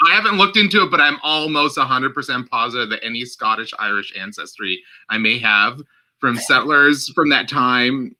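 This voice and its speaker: A man's voice: mid-range voice, expressive, normal speed, sharp tone. A man co-hosting a casual chat, making dry joking asides. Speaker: co-host.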